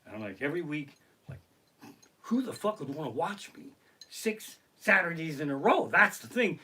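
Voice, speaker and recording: A man's voice: medium pitch, husky. A middle-aged man doing profane stand-up storytelling on a live stream from his living room, acting out the other people in his stories. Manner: profane, animated, acts out other people's lines. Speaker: stand-up comedian. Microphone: basic home streaming mic.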